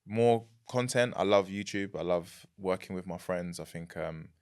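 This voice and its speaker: Very deep-voiced young London man. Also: normal speed, smooth. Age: young adult. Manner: animated, laughs easily, repeats words. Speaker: guest. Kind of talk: casual chat.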